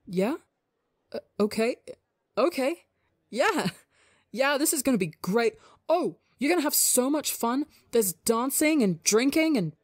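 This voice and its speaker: Woman doing a bubbly, excitable young guy. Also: unhurried, no echo, studio quality. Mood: excited. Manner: bubbly, high and bouncing. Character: excitable young male crewmate.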